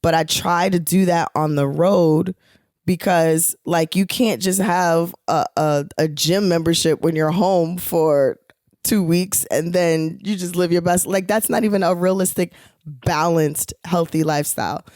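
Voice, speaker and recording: Low-voiced chatty woman, dry sound. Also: steady tone, unhurried, a little mellow, dry recording. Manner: chatty, rambling with many fillers. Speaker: podcast co-host, touring singer. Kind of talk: casual chat.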